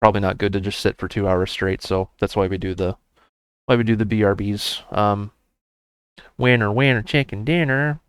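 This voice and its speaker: A man's voice: on the low side, fairly even intonation, normal speed, clear, resonant tone, dry recording. Chatty male game streamer. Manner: upbeat, chatty, talks to viewers. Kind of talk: casual live-stream chat.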